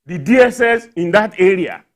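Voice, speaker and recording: A journalist on a television studio panel speaks with indignation, firing off rhetorical questions during the discussion. His voice sits high and is expressive, at a normal speed.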